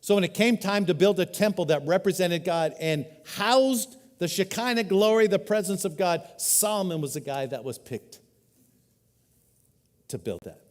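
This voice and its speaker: A man preaching a sermon as a pastor, earnest, swinging between loud emphatic peaks and quiet, dropped-down lows. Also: expressive, normal speed. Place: church hall. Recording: live hall reverb.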